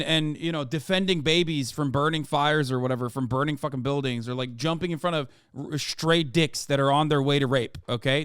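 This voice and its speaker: A man's voice: on the high side, gravelly, fairly bright tone, clean tone, no echo, studio quality. A man streaming, reacting to news and reading articles aloud, ranting and swearing between passages. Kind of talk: profane political commentary and article reading.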